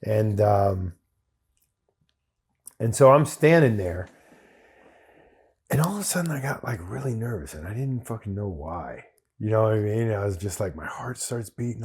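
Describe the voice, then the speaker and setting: A man's voice: on the low side, expressive, a little slow, long pauses, darkish tone, slightly rough. Swearing man telling a war-buddy style story. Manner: profane, rambling anecdotal storyteller. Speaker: veteran podcast guest. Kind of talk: casual storytelling.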